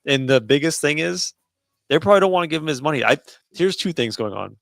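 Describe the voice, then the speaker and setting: A man's voice: fairly high pitch, lively intonation, fast talker, gravelly, a bit bright, no echo. A man co-hosting a casual sports podcast, confident and teasing. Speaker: podcast co-host.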